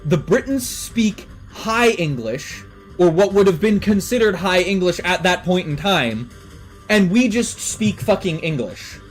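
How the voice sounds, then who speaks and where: Streamer, mid-pitch voice, casual rambling chat full of cursing, quiet music underneath. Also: animated, measured pace, rough recording. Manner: rambling enthusiastic tangents with swearing. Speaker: live streamer.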